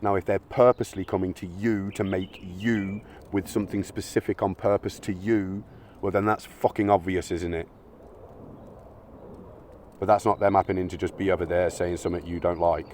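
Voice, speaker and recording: A man's voice: sits low, fairly even intonation, normal speed, a little mellow, slight background noise. A man giving a blunt, argumentative monologue, swearing often. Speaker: channel host. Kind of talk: opinionated monologue.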